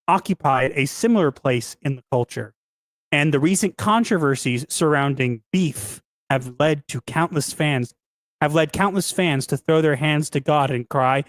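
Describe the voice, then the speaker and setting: A woman's voice: deep voice, dry recording. A woman co-hosting a podcast, reading a prepared essay aloud after trading teasing back-and-forth with her co-host.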